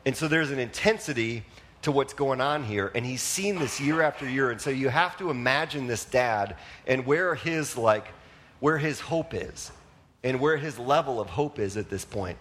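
Brief: male pastor, mid-pitched voice, casual sermon delivery, questions to the congregation. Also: animated, normal speed, a bit bright. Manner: conversational, asks the congregation questions; frequent fillers like "like" and "you know".

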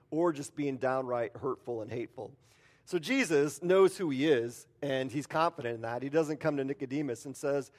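A man preaching in a relaxed, conversational way, with many fillers and acted-out quotes. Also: mid-range voice, a little fast. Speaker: pastor. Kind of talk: sermon.

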